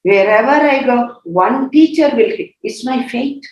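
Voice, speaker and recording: A woman's voice: fairly high pitch, expressive, measured pace, a little mellow. A woman, a religious sister, giving a spiritual retreat talk, emphatic, repeating key words and asking rhetorical questions. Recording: echoey, slightly dull recording.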